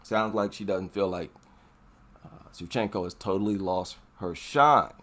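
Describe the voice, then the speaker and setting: A man's voice: low-pitched, measured pace, a bit bright. A man giving casual, emphatic commentary, repeating his points for effect. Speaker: MMA commentary vlogger.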